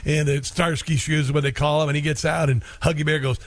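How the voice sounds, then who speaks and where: A man's voice: on the high side, steady tone, fairly quick, few pauses, no echo. A middle-aged man hosting a talk radio show in a rambling, sarcastic, folksy monologue.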